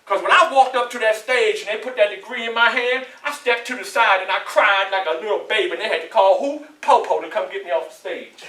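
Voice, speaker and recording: A man with a Southern US accent giving a motivational speech to students in a college hall, preachy and animated, often asking the crowd questions. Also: sits high. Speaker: motivational speaker. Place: large echoey college hall. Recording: echoey hall, voice from far off.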